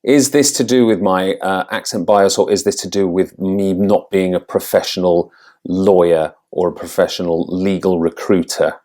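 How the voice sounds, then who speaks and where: Deep-voiced male accent coach. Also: fairly even intonation, a little mellow. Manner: thinking aloud, halting restarts. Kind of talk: casual commentary on a quiz.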